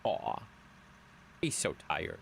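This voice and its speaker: A man's voice: deep voice, big pitch swings, drawn-out words, creaky, fairly bright tone, a little hiss or hum. A man streaming a game late at night, reading chat aloud in a chatty way, swearing now and then.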